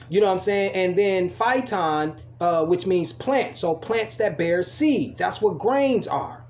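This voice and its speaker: A man's voice: high voice, darkish tone, highs cut off. A man hosting his own channel, talking casually and emphatically to his viewers, cursing often and filling gaps with "you know". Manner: emphatic, profane ranting with many fillers. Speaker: channel host. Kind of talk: casual monologue to camera.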